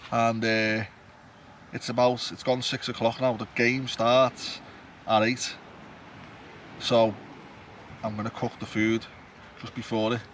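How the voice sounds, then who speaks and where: A man's voice: medium pitch, level tone, takes it slowly, pauses often, a bit bright. Chatty man camping outdoors. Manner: rambling, chatty, self-mocking. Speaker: vlogger. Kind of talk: casual chat to camera. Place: campsite outdoors. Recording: outdoor noise, passing traffic.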